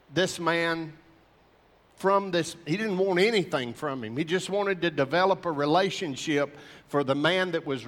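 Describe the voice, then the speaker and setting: A preacher tells his testimony to a room of men, earnest and animated as a storyteller. His voice sits a bit high for a man, and a long hall reverb trails every phrase. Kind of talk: sermon with personal testimony.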